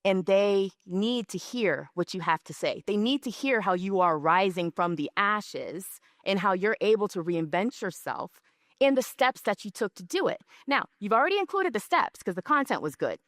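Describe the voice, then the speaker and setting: Often checking with her audience through "right?" and "okay?", a woman at a business session tells stories in a conversational presentation. Her mid-range voice is a bit bright, with lively intonation and a moderate pace, and the studio recording is clean with no echo.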